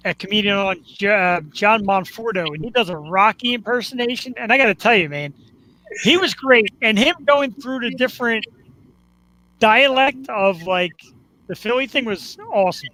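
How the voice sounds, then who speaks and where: A man hosts a live show in a bright, high voice, upbeat and joking as he chats with a guest over a video call. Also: normal speed, rough recording. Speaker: host. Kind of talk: casual talk-show chat.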